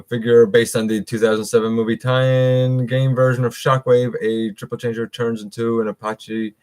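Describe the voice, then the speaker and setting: Middle-aged man, live stream host, casual chat, rambling, lots of ums and restarts. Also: mid-range voice. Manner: rambling, many fillers and restarts.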